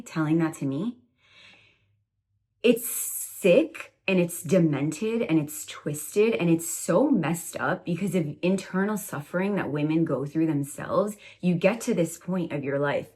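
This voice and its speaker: A woman in her twenties talking straight to camera as a self-love coach, blunt and preachy, with many fillers like "like" and "you know". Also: on the low side. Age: 20s. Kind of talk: direct-to-camera motivational monologue.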